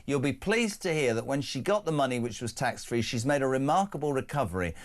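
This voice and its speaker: A man's voice: medium pitch, expressive, fast talker. A man hosting a radio breakfast show, ranting and joking in brash, opinionated banter.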